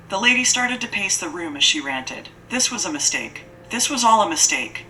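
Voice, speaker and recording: A woman narrating a horror audiobook with a steady storytelling delivery. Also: mid-range voice, moderate pace, few pauses, a little hiss or hum, poor audio.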